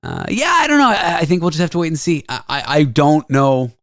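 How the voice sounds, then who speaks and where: A man's voice: a little high, big pitch swings, brisk, a bit bright, no room sound, studio quality. A man hosting a radio show in casual chat, easygoing and hesitant, often repeating words.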